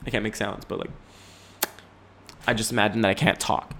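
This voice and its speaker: A man's voice: lowish voice, fairly even intonation, brisk, long pauses, sharp tone. A man in his twenties hosting a podcast, rambling in goofy, profane chat and slipping into silly voices. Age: 20s. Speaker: podcast host.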